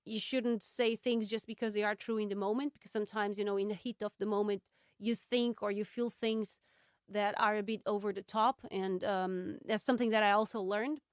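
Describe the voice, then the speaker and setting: A woman hosting a solo podcast, reflecting candidly and thoughtfully, with frequent ums and pauses. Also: mid-range voice, steady tone, clean tone, no echo, clean studio sound. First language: Portuguese. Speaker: podcast host.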